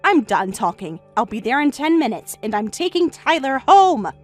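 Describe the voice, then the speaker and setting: Woman voicing a shrill, defensive middle-aged mother. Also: big pitch swings, normal speed, soft background music. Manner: shrill, insistent, raised voice.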